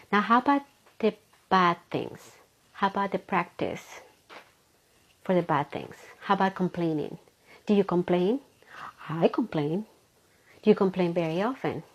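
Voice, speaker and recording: A woman's voice: medium pitch, a little mellow, dull audio. A woman giving a live motivational talk from her home office, earnest and full of rhetorical questions to the listener. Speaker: motivational speaker.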